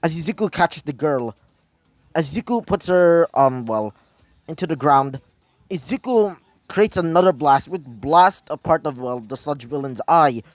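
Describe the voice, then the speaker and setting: A man's voice: a little high, animated, a little slow, no echo. A man improvising a fan story, rambling with many fillers and restarts.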